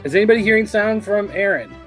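A man's voice: high-pitched, lively intonation, fast talker, a bit bright, soft background music. A man producing a podcast, chatting casually on a livestream from a small control booth, rambling with many ums. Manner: rambling, with many fillers and restarts.

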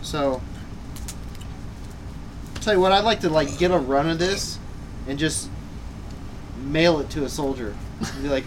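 A man with a slightly high voice talks comics in a loose, rambling way, full of ums and restarts. A faint hum of noise sits under the recording. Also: a little slow, long pauses. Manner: rambling, hesitant, many fillers and restarts. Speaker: comic book podcast co-host. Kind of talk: casual chat.

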